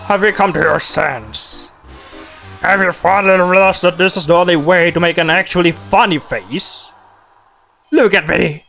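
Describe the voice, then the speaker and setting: A man's voice: high voice, moderate pace, gravelly, a bit bright, soft background music. A man voicing a deranged man obsessed with being funny, who mutters scornfully to himself. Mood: obsessive.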